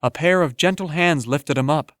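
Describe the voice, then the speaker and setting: A man narrating an audiobook in a steady, measured storytelling manner on a close studio mic. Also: a little high, no echo. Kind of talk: scripted narration.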